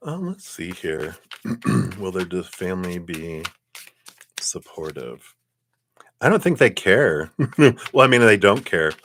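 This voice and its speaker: Slow, deep-voiced man reading tarot. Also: sing-song, fairly bright tone, slight background noise. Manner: slow, reflective, laughs often, fillers like "you know". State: sucking a cough drop, clearing throat. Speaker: tarot card reader. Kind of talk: live-stream tarot reading.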